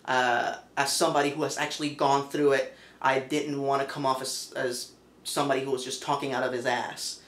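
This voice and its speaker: A man's voice: medium pitch, little pitch movement, brisk, fairly bright tone. A man telling a personal story to camera in a casual, emphatic way with many fillers. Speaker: vlogger. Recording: echoey room.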